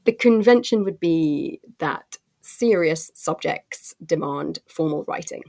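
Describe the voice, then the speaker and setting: Low gravelly woman, husky voice. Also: expressive, slow pace, mellow. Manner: articulate and expansive, with frequent fillers and restarts. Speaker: company co-CEO guest. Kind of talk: podcast interview answers.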